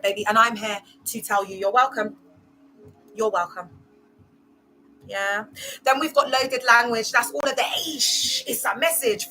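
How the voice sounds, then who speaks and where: A young woman vlogger chats casually on a livestream about cults, talking in a sassy, slangy way and laughing often. Her mid-range voice is a bit bright, though the audio quality is poor.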